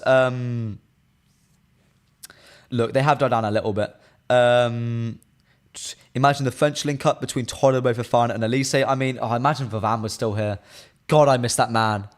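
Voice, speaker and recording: Chatty, opinionated male football streamer. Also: mid-range voice. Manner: chatty, opinionated, frequent fillers. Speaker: football fan channel presenter. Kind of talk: live-stream football chat, reading viewer comments.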